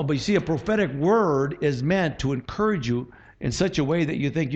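A man's voice: a little high, lively intonation, fairly quick, a little mellow, muffled recording. A middle-aged male pastor preaching a sermon in a conversational way, often asking the congregation "right?" and acting out quotes.

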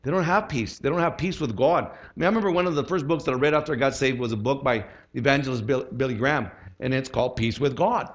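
A man's voice: medium pitch, quick pace, hardly any pauses, highs cut off. A middle-aged man giving a sermon as a pastor, earnest and conversational, with lots of fillers and restarts.

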